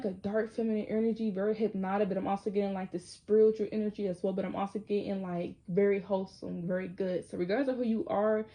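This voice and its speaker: A woman's voice: mid-range voice, warm tone. A woman in her twenties from Michigan giving a casual, chatty tarot reading with loose slangy talk. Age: 20s. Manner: chatty and loose, slangy, sings snatches of lyrics. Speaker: tarot reader.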